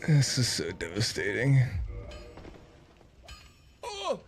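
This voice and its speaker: High, wildly swooping man streaming games. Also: very animated, unhurried, fairly bright tone, faint music behind. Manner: shrieks and laughs at his own blunders, swears freely; self-mocking, explains himself at length. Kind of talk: live gaming stream commentary. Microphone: streaming mic with compressor.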